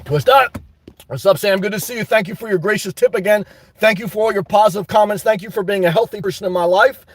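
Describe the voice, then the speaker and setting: A man hosting a live stream, ranting emphatically about his life and shouting out his supporters, worked up and sweating. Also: sits high, fast, slightly rough. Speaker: livestream host.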